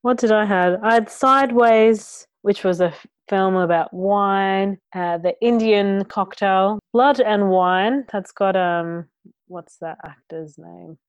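A woman co-hosting a podcast in casual chat, easygoing and quick to giggle. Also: mid-range voice, clean tone, no room sound. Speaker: podcast co-host.

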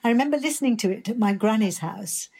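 A woman's voice: fairly high pitch, lively intonation, quick pace, vocal fry, darkish tone, breathy edge. An older woman from Birmingham, an actress being interviewed, answering in a chatty, enthusiastic way. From Birmingham, England. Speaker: actress guest.

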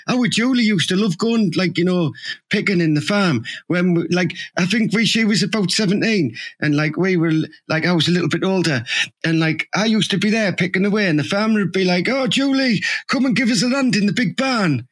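A man's voice: high-pitched, a little fast. A man, rambling through comic stories in improvised banter, full of "aye, man" and "you know what I mean".

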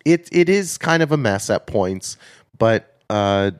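A man appears as a guest on a comedy podcast and offers dry, offhand remarks. His voice sits very low, yet it moves through a lively range of pitch. He talks in a casual way. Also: unhurried, clean tone.

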